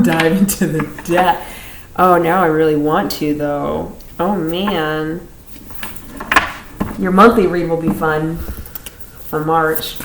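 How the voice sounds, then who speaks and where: A woman's voice: fairly low pitch, a little hiss or hum. A woman giving a casual tarot reading to camera, rambling and repeating phrases, often laughing between thoughts. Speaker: tarot reader. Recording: roomy echo.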